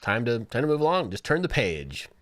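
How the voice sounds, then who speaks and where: A man co-hosting a podcast who tells stories in casual chat, animated and full of restarts. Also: medium pitch, fairly quick, dry recording. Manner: animated storyteller, many restarts. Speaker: podcast co-host.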